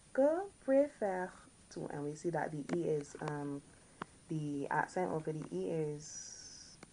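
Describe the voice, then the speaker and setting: A woman from the Caribbean teaching a recorded French lesson, repeating each word slowly and now and then correcting herself. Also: on the low side, creaky, darkish tone, a little hiss or hum, low-quality recording. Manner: slow, repeats each word several times.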